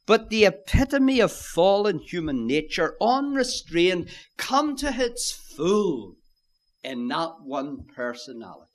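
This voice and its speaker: A man's voice: high-pitched, very animated, takes it slowly. A man preaching a sermon, emphatic, repeating key phrases and addressing listeners as friends.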